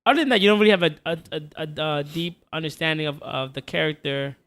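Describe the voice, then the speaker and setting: A man co-hosting a casual film review chat, rambling and halting with lots of filler words and casual swearing. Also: fairly high pitch, fairly bright tone. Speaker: podcast co-host.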